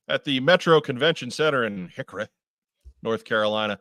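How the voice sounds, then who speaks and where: A man's voice: mid-range voice, brisk, fairly bright tone, dry recording, studio quality. A man co-hosting a podcast, reading news in a casual chatty way with many fillers. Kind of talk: casual chat.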